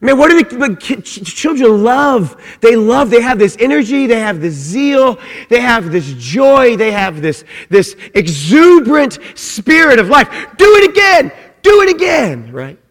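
A man's voice: very high voice, big pitch swings, unhurried. A middle-aged man preaching a sermon, emphatic and repetitive, often saying "man". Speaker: pastor. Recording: long reverb of a large hall.

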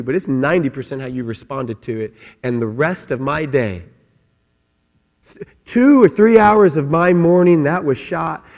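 A middle-aged man, a pastor, telling a personal story in an animated sermon in church. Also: on the high side. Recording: long hall reverb.

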